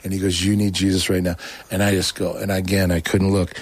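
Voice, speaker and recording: A man's voice: deep voice, little pitch movement, quick pace, breathy edge. A man, a show guest, telling a long personal story in a casual, rambling way with many restarts.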